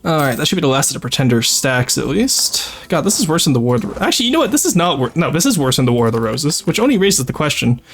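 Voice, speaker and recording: A man's voice: fairly high pitch, very animated, quick pace, hardly any pauses, faint music behind. A French Canadian man streaming a strategy game, rambling and chatty, swearing freely and laughing often. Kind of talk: casual live-stream chat with game commentary.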